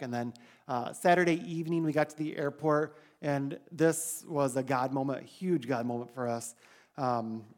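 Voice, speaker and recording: A man leading a church mission team, telling the congregation about the trip in a casual, chatty way on a handheld mic. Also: mid-range voice. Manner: chatty, animated when quoting others. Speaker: mission trip leader giving a church report.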